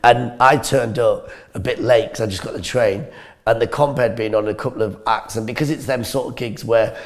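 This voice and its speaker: A man's voice: mid-range voice, moderate pace. A man telling a comedy anecdote on a podcast, acting out the people in his story and laughing often. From northeast England. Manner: animated storyteller, acts out the people in his stories, laughs a lot. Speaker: comedian co-host.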